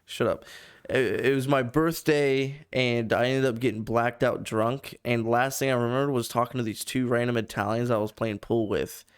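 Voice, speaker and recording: Young american man, smooth clear voice, crude rambling storyteller, casual podcast chat. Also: medium pitch, steady tone, normal speed. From United States. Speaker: podcast co-host.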